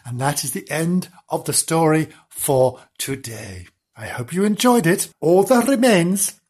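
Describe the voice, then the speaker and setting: A woman telling a mock children's bedtime story, wandering off into rambling, giggly asides. Her voice is husky and breathy. Her pitch swoops high and low. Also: darkish tone.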